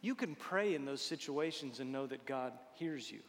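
A man preaching a folksy, humorous sermon, swinging between loud exhortation and hushed tones. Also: mid-range voice, expressive, moderate pace, big-room sound.

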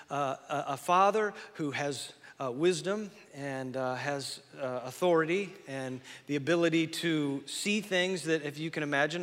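A middle-aged man preaching a sermon in a large church hall, his voice bright and slightly high, with a long reverb trailing each phrase. He talks earnestly and builds to loud, emphatic peaks. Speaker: pastor.

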